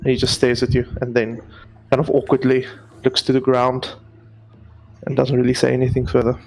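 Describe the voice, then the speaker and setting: A man playing a tabletop game, speaking in character at a measured, even pace. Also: mid-range voice, gravelly, poor audio. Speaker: player. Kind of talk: tabletop role-play.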